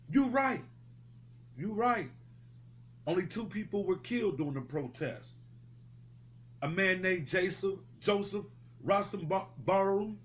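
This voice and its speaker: A man's voice: fairly high pitch, fairly bright tone. A young man giving heated, profane street commentary, confrontational and repetitive, swearing freely.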